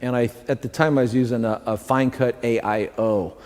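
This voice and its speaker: A man's voice: medium pitch, fairly even intonation, normal speed, a little mellow. Man teaching in a reverberant garage. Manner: folksy, explains with simple examples. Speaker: detailing instructor. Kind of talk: casual teaching chat.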